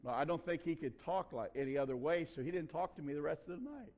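A man's voice: on the high side, fast talker, a little mellow, lo-fi sound. Folksy man preaching a sermon. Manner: folksy, conversational preaching with dialect grammar. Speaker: pastor. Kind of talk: sermon with personal story.

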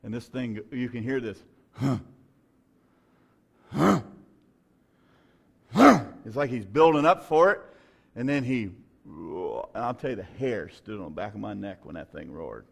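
A male pastor preaching a sermon, moving between quiet storytelling and loud, shouted preaching. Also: on the low side, lively intonation, moderate pace, vocal fry.

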